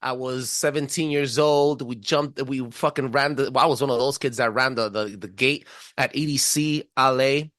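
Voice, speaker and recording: A man in his thirties hosting a casual podcast, loud, excitable and swearing freely. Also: medium pitch, moderate pace, few pauses, dry recording, studio quality. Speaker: podcast host.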